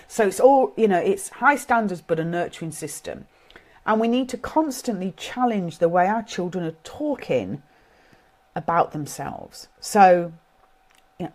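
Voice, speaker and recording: A woman's voice: mid-range voice, expressive, normal speed, darkish tone. A middle-aged woman with a British accent giving an informal, earnest talk on parenting, thinking aloud as she goes. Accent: British English. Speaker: parenting coach.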